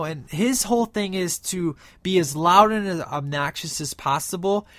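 Male film fan, slightly high voice, rambling casual recap, dry close mic. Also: a bit bright, no room sound. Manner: enthusiastic, rambling, frequent fillers. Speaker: film reviewer.

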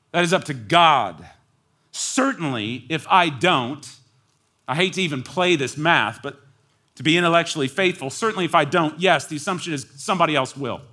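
A man preaching a sermon as pastor, moving between quiet, low asides and loud, high, near-shouted emphasis. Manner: animated preaching, swings from hushed to near-shouting.

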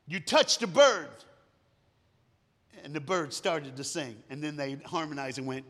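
A man preaching a storytelling sermon, moving between hushed and loud, sometimes singing lines of a song. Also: fairly high pitch, unhurried, long pauses. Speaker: guest preacher. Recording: long hall reverb.

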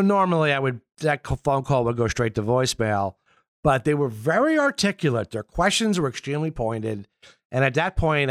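A man who works as a yacht broker, talking casually in a halting way with many restarts. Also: medium pitch, dry recording, studio quality. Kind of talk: casual conversation.

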